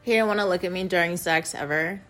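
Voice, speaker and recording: A young woman vlogger telling a personal story in a rambling, casual way, filling every pause with "like" and speaking bluntly with plenty of swearing. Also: fairly low pitch, fairly bright tone, soft background music. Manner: rambling, heavy use of "like", blunt and profane.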